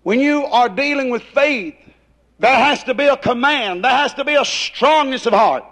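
A man preaches a revival sermon in a high, ringing voice. His talk is folksy and plain, and he swells into shouted emphasis. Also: normal speed. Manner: rises to shouted emphasis, folksy Southern grammar.

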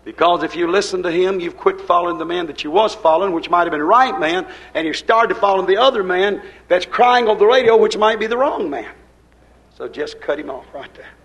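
An older man preaching a sermon. He swings between loud, pushed lines and hushed, quiet ones. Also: high voice, lively intonation, a little fast, rough recording. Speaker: pastor.

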